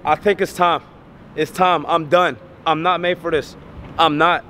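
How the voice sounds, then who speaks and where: A man's voice: a little high, steady tone, unhurried, sharp tone, a little hiss or hum. A young man vlogging outdoors on city streets, joking and teasing his dog in comedic banter. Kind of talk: comedic walking vlog.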